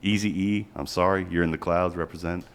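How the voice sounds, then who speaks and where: Give me a young man, deep-ish voice, riffing crude jokes in casual podcast talk. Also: fairly even intonation, moderate pace, a little hiss or hum. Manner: crude, rambling, jokey, swears a lot. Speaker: podcast co-host.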